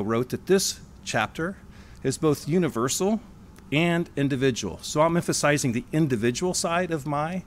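A man giving a sermon in a church, stressing single words and slowing on key phrases. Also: on the high side, slight background noise. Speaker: sermonette speaker. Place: church hall.

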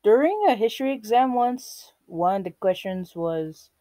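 A woman's voice: mid-range voice, lively intonation, moderate pace, hardly any pauses, mellow, no room sound. A young woman vlogger casually reading internet posts aloud, giggly and often breaking into laughter.

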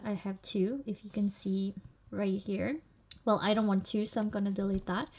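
A young woman vlogger talking casually through a screen tutorial, explaining each click as she goes. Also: medium pitch. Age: young adult. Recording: slightly dull lo-fi audio.

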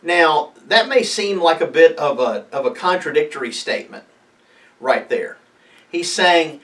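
Man, preacher type, slightly high voice, halting delivery full of restarts, recorded a bit off-mic. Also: very animated, a bit bright, far from the mic. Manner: halting, many fillers and restarts, reads scripture aloud. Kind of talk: informal mid-week devotional talk.

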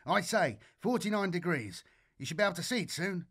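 A man doing a shrill, excitable young radio soldier. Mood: eager. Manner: shrill, excited, rushed over a comm link. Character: excitable young male vox-operator soldier.

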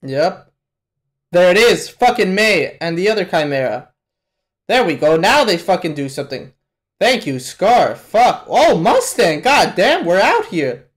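Profane, excitable young man reacting live. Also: high-pitched, unhurried. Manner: profane, excitable, yells at the screen. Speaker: reaction channel host. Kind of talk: live anime reaction commentary.

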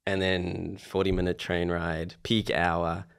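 A man's voice: low-pitched, level tone, slow pace, gravelly, clear, resonant tone. A young man, chatting as a podcast guest and sheepishly confessing, with frequent laughter. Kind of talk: casual chat.

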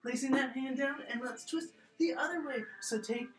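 A young woman teaching a gentle, playful yoga class to preschool children, coaxing them along as she guides each pose. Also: high-pitched, moderate pace. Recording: echoey room with faint music.

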